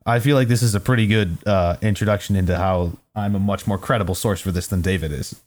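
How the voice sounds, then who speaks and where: A young man with a fairly low voice, trading casual banter on a podcast. He spins stories in a relaxed, teasing way and swears freely. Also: quick pace. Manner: laid-back storyteller, teasing and profane. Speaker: podcast co-host.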